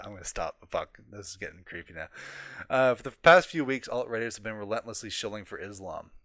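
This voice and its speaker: A man's voice: fairly low pitch, brisk, fairly bright tone, no echo. A man ranting heatedly as he reads an article aloud for his commentary vlog, swearing often and mocking its author. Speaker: political commentary vlogger. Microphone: home desk microphone.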